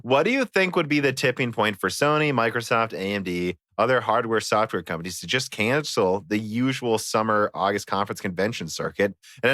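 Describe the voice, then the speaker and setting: A man's voice: medium pitch, sharp tone, dry recording, studio quality. A man hosting a podcast, chatting casually and reading out listener mail. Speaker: podcast host.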